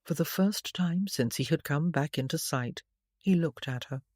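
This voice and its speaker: Woman narrating a gentle period romance. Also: low-pitched, dry recording, clean studio sound. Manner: gentle, measured storytelling; soft voices for the father. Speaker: audiobook narrator. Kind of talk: scripted narration.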